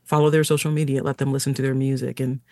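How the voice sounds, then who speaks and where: A woman who is an author and musician, telling stories as an interview guest in an animated, chatty way with frequent laughter. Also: rumbling low, quick pace, dry recording, studio quality.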